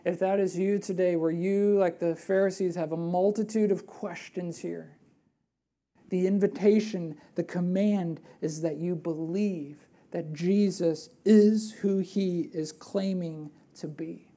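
Animated woman preaching a sermon. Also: on the low side, a little slow. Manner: animated and conversational, with rhetorical questions; drops to a hushed, earnest voice for emphasis.

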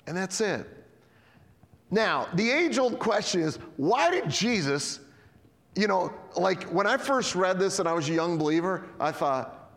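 A man preaching a sermon with animated storytelling, acting out the people in the passage and chuckling as he goes. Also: on the high side, normal speed, big-room sound. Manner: lively storytelling, acts out voices, chuckles. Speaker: pastor.

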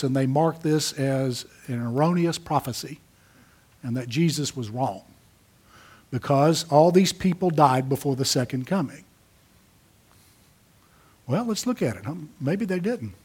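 A man preaching a sermon, emphatic, rising to loud peaks and dropping to soft asides. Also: fairly high pitch, husky. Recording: audio of a church sermon.

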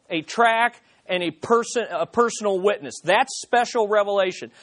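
A man preaching a teaching sermon as pastor, earnest and animated, telling a story and asking repeated rhetorical questions. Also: sits high.

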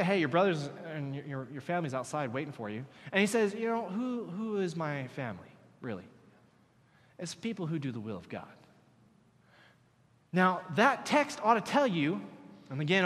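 A man delivering a sermon with a voice a touch higher than most men. He moves between lively, emphatic preaching and quiet, intense passages. The sound carries a long reverb, as if filling a large hall. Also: normal speed. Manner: animated preaching that drops to hushed intensity. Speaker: pastor.

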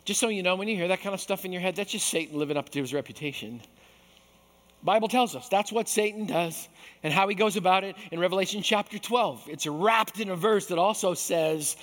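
A man preaching as pastor, animated and acting out voices from the story. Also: high-pitched, fairly quick, in a large hall. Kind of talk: sermon.

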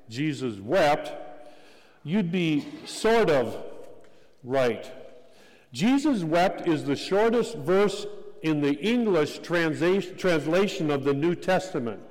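A man preaching a sermon as pastor, measured and deliberate, repeating key phrases for emphasis. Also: fairly high pitch, animated. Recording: long hall reverb.

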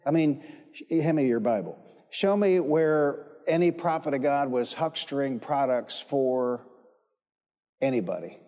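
A male preacher delivering a sermon, emphatic and repetitive, often turning to the congregation with questions. His voice is dark and mellow. A long hall reverb trails behind him. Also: medium pitch, lively intonation, unhurried. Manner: emphatic, repeats phrases, calls congregation to respond.

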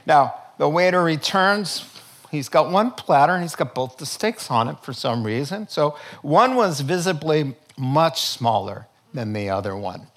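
A slightly high-voiced man preaches with lively energy. He shifts quickly between earnest points and joking asides, and his delivery stays animated throughout. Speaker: pastor. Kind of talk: sermon.

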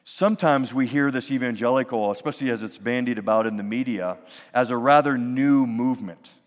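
A male pastor preaching a sermon in a church, animated and building to emphatic peaks. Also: medium pitch, brisk, big-room sound. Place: church sanctuary.

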